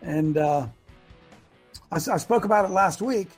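A man hosting a talk show, giving a folksy, preachy monologue with many restarts that builds to shouting. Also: a little high, lively intonation, quick pace, creaky, slightly rough, soft background music. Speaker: host.

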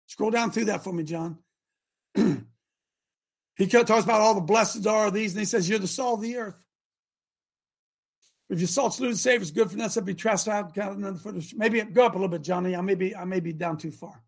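A middle-aged man hosting a live talk show, preaching fervently to his audience with rhetorical questions and sudden shouted bursts. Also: sits high, a little fast, vocal fry, pauses often.

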